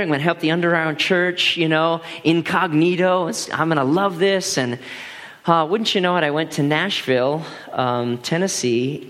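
A man in his thirties tells stories from the pulpit as a pastor, with a voice that sits a little high. He talks in an animated, casual way, restarting his sentences often as he goes. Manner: animated, laughing storyteller with many restarts. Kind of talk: storytelling sermon.

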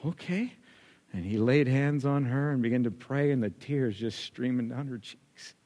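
A man's voice: medium pitch, moderate pace, warm tone. A male pastor preaching a sermon, telling a story and building up to emphatic, repeated lines. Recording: long hall reverb.

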